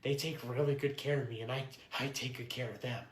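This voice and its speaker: A man's voice: mid-range voice, a little fast, voice pushed down, lightly acted. A man playing a creepy customer who boasts about his figurines in a comedy skit. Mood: smug. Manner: smug, oversharing, calm. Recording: echoey room.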